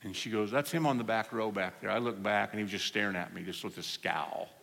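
A man preaching at a healing service, telling stories in an animated way and laughing along with the congregation. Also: on the low side, quick pace, vocal fry. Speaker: evangelist. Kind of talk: storytelling sermon. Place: church service. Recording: hall reverb, faint room noise.

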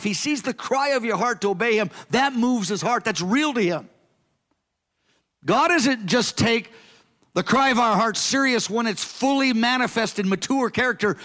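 A man in his sixties preaching a sermon to young people, earnest and emphatic, slowing down to stress key phrases. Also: sits high, a bit bright. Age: 60s. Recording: long hall reverb.

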